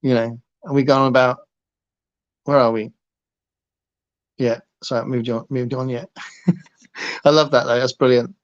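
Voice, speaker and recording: A man hosts a livestream, chatting playfully with viewers, laughing often, and rambling from topic to topic. His mid-range voice is flat and smooth, at a measured pace with long pauses, and the audio is muffled and lo-fi.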